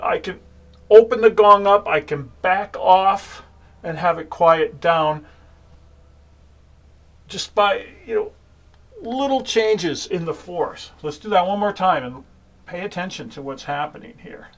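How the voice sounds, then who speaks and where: Calm man teaching gong technique. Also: high voice. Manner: calm, explanatory, with many pauses while playing. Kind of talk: demonstration lesson.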